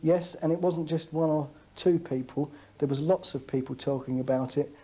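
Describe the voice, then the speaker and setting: Dark-voiced British ex-serviceman testifying. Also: fairly high pitch, fairly even intonation, slightly rough, rough recording. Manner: measured, hesitant with fillers. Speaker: former RAF serviceman interviewee. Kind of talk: documentary interview testimony.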